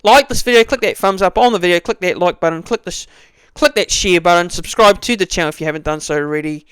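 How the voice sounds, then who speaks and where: A man's voice: sits high, quick pace, fairly bright tone, smooth, no room sound. A young man giving a casual fan review, rambling with many restarts and fillers. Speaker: fan channel host.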